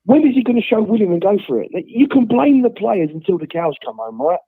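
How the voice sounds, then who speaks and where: Raspy, high-pitched man on a tinny phone line. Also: very animated, fast, no room sound. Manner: blunt, ranting football opinions. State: unwell. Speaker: caller. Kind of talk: phone-in rant.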